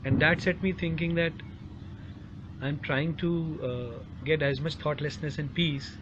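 A man from the audience asking a long question, halting and restarting often. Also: fairly high pitch, steady tone. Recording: dull audio with faint noise.

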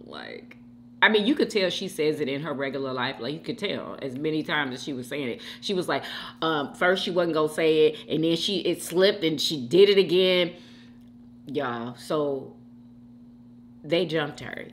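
A woman's voice: sits low, moderate pace, a little hiss or hum. A woman hosting a mukbang channel, chatting casually to her viewers while she eats and calling out to them often. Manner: animated, keeps addressing viewers as "y'all".

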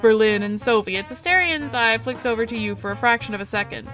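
A woman reading a visual novel aloud, expressive, voicing its narration. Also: a little fast, faint music behind. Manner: expressive, reads narration lower. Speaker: let's play narrator.

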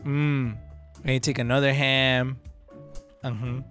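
A man's voice: mid-range voice, flat delivery, slow pace, a bit bright, faint music behind. A young man, joking and swearing through casual let's-play commentary and mixing in slang. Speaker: gaming streamer.

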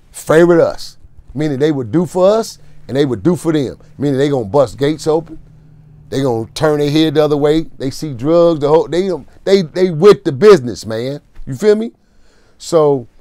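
A man guest in an interview, telling a gritty jail story in casual street slang, often going quiet. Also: no room sound, studio quality. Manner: street slang, emotional prison storytelling, drops to a low murmur.

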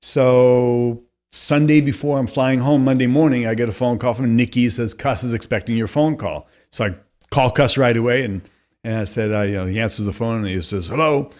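Man, fifties, from California, podcast guest, animated storyteller, acts out quotes, mid-pitched voice. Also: a little fast. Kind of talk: conversational storytelling.

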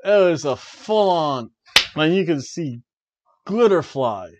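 A man hosting a wrestling review show, talking in an animated, chatty way with offhand asides. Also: on the high side, takes it slowly, noisy background. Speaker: wrestling review podcast host. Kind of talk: casual chat.

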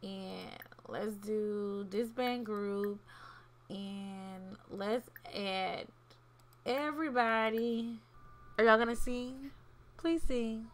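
A woman's voice: mid-range voice, extremely slow. A woman chatting playfully through a life-sim game, talking to her characters as she plays. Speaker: gaming channel host. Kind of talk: casual gameplay commentary.

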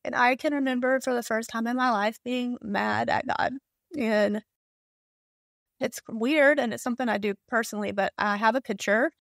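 A woman's voice: a little high, normal speed, no echo, studio quality. A woman in her thirties with a Southern US accent, telling a personal story candidly and with emotion as a podcast guest. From Southern United States.

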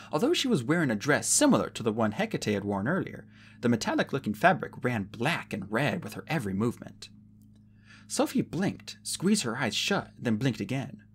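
A man reading an audiobook aloud in an expressive way, with occasional slips. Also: mid-range voice, a little hiss or hum. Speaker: audiobook narrator.

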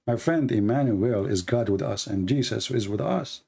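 A man hosting a religious debate, reading a text aloud and mocking it sarcastically with sudden high-pitched jabs. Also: expressive, normal speed, vocal fry, dark tone, husky. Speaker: debate host.

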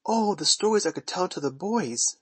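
A man's voice: a little high, animated, a little slow, husky, dry recording, voice pushed up, heavily acted. A man reading aloud voices an eager, motherly young girl with breathless, pleading exclamations.

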